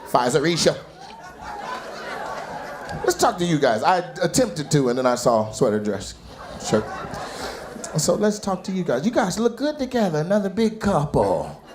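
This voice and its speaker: A man doing stand-up crowd work on a club stage, loud and mocking, swearing freely. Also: a little high, noisy background. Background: laughing audience.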